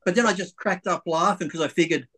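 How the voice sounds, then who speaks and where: Middle-aged man, slightly high voice, animated crude storytelling, laughs while talking. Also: fast. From Australia. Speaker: guest bodybuilder.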